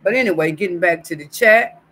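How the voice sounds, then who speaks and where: Chatting briskly and warmly on a casual YouTube livestream, this male host reads his viewers' comments out loud. His voice sits a bit higher than most men's, and a faint hum of noise runs in the background.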